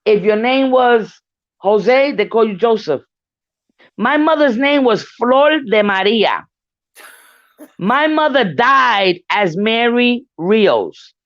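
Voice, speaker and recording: A guest speaker, an older woman from New York, tells stories frankly and swears freely during a casual discussion. Her fairly high voice is expressive and slow, and the recording is dry, muffled, and lo-fi.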